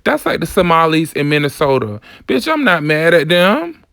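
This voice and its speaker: A woman's voice: low voice, sing-song, normal speed, a bit bright, dry recording, clean studio sound. A woman vlogger delivering a casual commentary rant, sassy, blunt and profane.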